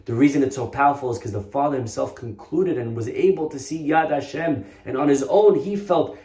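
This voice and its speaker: Male rabbi, earnest storyteller, emphatic repetition, mid-pitched voice, echoey room. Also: a little fast, hardly any pauses, warm tone. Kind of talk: storytelling sermon. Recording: roomy echo.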